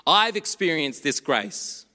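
Earnest preacher man, bright voice. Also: on the high side, slow, big-room sound. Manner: earnest, shifts between hushed and animated. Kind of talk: sermon with storytelling. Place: church.

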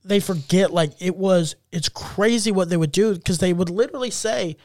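A man's voice: high voice, normal speed, darkish tone. A man co-hosting a podcast in casual chat, rambling and hunting for words with lots of fillers and swearing. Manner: rambling, searches aloud for words with many fillers and curses. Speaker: podcast co-host.

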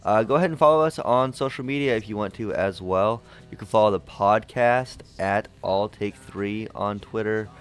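A man's voice: on the low side, moderate pace, hardly any pauses, clean tone. A young man hosting a podcast in casual chat, rambling with lots of fillers and jokes. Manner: rambling, filler-heavy, jokey. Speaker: podcast host.

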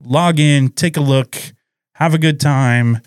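A man's voice: fairly high pitch, takes it slowly, clear, resonant tone, no echo, clean studio sound. A man hosting a podcast in casual chat, loose and joking, laughing often. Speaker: podcast host.

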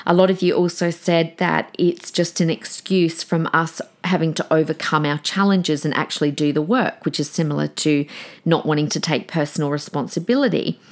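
A deep-voiced woman in her forties talks straight to her listeners on her own podcast. She is chatty and frank, with a low, grounded pitch. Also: steady tone, moderate pace. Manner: chatty, direct, addresses listeners as guys. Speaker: podcast host. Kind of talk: solo podcast talk.

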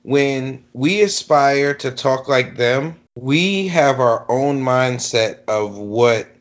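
A man co-hosting a casual chat, explaining his views at length with lots of asides. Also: mid-range voice. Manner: relaxed, drawn-out explaining with many asides. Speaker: podcast co-host. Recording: dull lo-fi sound.

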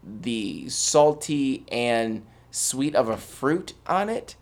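A man in casual podcast banter, blunt and opinionated. He jokes as he argues, in a voice of ordinary middle pitch. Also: lively intonation, drawn-out words. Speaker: podcast co-host. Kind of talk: casual chat.

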